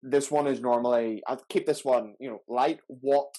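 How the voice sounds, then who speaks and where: A man's voice: medium pitch, fairly even intonation, moderate pace, mellow. A man hosting a podcast, joking and rambling in loose casual chat. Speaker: podcast host.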